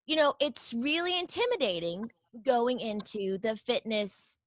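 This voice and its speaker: A woman's voice: a little high, very animated, unhurried, no room sound. A woman co-hosting an interview, talking in a confessional, rambling way with lots of fillers. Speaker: podcast co-host. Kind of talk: casual interview chat.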